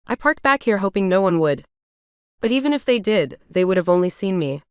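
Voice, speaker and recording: A woman's voice: medium pitch, big pitch swings, brisk, smooth, no echo, clean studio sound, natural voice. Woman voicing a teasing young college guy. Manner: teasing, affectionate.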